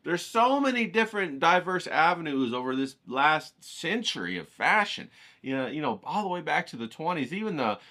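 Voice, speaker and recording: A man hosting an art stream speaks at normal speed in a highish, pushed, bright voice whose pitch swings widely. He rambles in a folksy, meandering way and keeps tossing in "you know what I'm saying."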